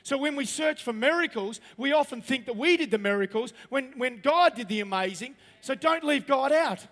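High-voiced man preaching in a hall. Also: animated, normal speed, a bit bright. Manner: reads scripture aloud, then preaches with rising emphasis. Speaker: pastor. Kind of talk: sermon.

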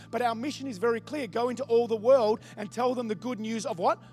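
Speaking a little fast with few pauses, a high-pitched pastor preaches conversationally and loosely. He reads scripture, often turning to question the congregation, and soft music is faintly heard behind him.

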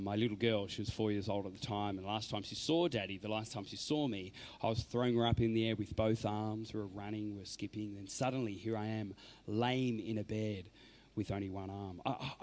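Speaking in a fairly low voice, a man acts as a motivational speaker delivering an inspirational faith talk. He tells his story dramatically, swinging between hushed lines and loud ones.

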